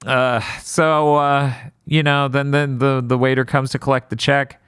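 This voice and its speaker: A man co-hosting a casual podcast, recapping an episode with sardonic asides and quick put-on character lines. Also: mid-range voice, level tone, a bit bright, clean tone, no room sound, clean studio sound.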